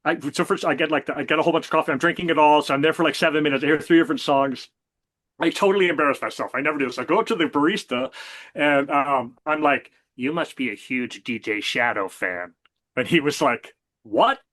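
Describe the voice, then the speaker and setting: A man co-hosting a music podcast, telling animated stories in a casual, enthusiastic way. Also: fairly high pitch, fast talker. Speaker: podcast co-host. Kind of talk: casual music chat and storytelling.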